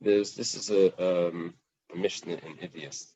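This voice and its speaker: A man's voice: low-pitched, fairly even intonation, a little slow, dark tone, husky, no room sound, rough recording. A man teaching a Talmud class in plain English, mixing in Aramaic and Hebrew quotes, with fillers and restarts. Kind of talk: daf yomi Talmud class.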